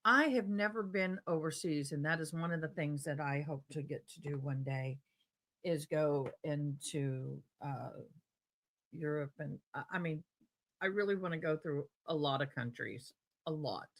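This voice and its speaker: A woman's voice: sits low, unhurried. A woman with a Tidewater Virginia accent hosting a live stream, chatting casually and rambling as she reads comments aloud.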